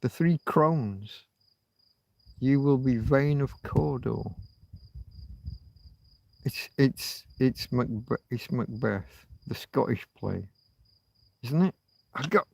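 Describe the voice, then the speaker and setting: A man's voice: mid-range voice, takes it slowly, gravelly, pauses often, a little mellow. A man hosting a livestream, thinking aloud in rambling casual chat, often muttering and swearing to himself. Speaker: livestream host.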